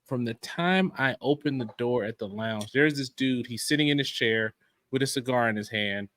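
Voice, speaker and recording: A man's voice: mid-range voice, moderate pace, fairly bright tone. A man co-hosting a podcast in casual chat, telling stories in a laid-back way and murmuring agreement often. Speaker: podcast co-host.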